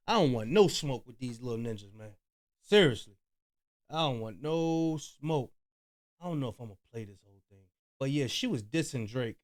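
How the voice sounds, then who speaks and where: A man hosting a reaction video, chatting loosely with slang and profanity about clips he plays. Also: mid-range voice. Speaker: reaction channel host. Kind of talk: casual commentary on clips.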